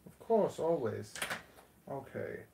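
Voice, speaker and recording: A man talking casually while he cleans out reptile enclosures, half muttering to himself. He sits back from the mic in a roomy indoor space, with loud steady noise behind him. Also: mid-range voice, slow, vocal fry, distant mic. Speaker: reptile breeder.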